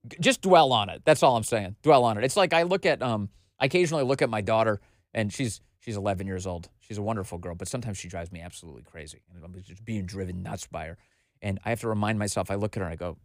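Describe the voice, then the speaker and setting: A man in his forties hosting a political commentary show in a studio, talking in an animated, emphatic way straight to the listener. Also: lowish voice, fast talker, no echo. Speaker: host.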